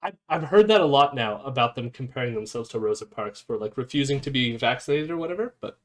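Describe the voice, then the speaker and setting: A man's voice: medium pitch, expressive, quick pace. A man hosting a casual live stream, reading an article aloud and commenting with fillers and self-corrections. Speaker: streamer host.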